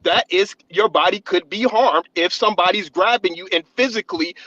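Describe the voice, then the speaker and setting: Male caller, high voice, insistent, dull dry audio. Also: normal speed, sharp tone, no echo. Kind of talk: call-in debate.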